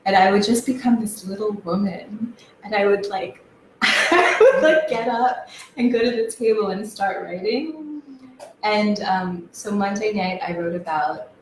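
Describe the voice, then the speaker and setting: A woman's voice: medium pitch, measured pace, slight background noise. A woman, a guest on a talk show, animatedly telling about her experience with frequent laughs and restarts. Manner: animated storyteller, laughs often, many restarts. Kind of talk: casual conversation. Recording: echoey room with faint ambience.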